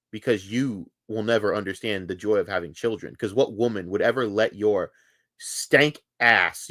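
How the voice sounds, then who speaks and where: A man's voice: mid-range voice, a bit bright, no room sound, clean studio sound. A man livestreaming, delivering a heated, profane, taunting rant at a rival.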